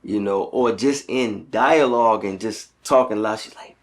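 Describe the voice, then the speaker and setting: A middle-aged man speaking in a relaxed, plain way in a casual conversation. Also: fairly low pitch, a little slow. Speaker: guest.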